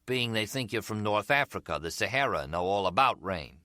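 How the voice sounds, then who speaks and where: A man's voice: on the low side, lively intonation, fairly quick, bright, forceful tone, no echo. A man voicing a middle-aged American abroad who speaks in short, dry remarks.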